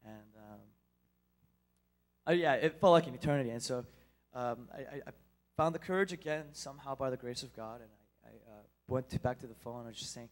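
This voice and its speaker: A young man stands before a church congregation and tells a personal story. His voice sits in a middle pitch range. He speaks haltingly and with feeling, often stopping and starting again. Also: low-quality recording. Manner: halting, emotional storytelling with many restarts. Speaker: church speaker sharing a testimony. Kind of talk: personal testimony in a sermon.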